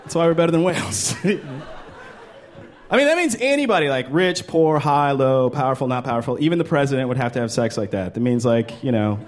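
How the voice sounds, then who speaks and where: A man in his thirties doing stand-up comedy, animated and profane, slipping into exaggerated voices. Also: mid-range voice, normal speed. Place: live comedy stage.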